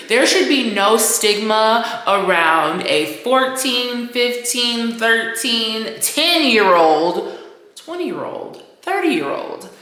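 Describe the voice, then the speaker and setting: A woman's voice: fairly low pitch, pushed and bright. A woman hosting her own show, ranting candidly and with plenty of profanity, a little tipsy. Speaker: podcast host. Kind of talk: casual rant monologue. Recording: roomy echoey room.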